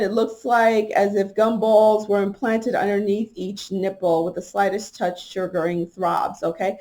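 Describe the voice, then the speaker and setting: A woman's voice: mid-range voice, darkish tone. A woman hosting a talk show, reading from an article and commenting on it, with emphatic stress and repeated key words. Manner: talks straight to listeners, asking them questions. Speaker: podcast host.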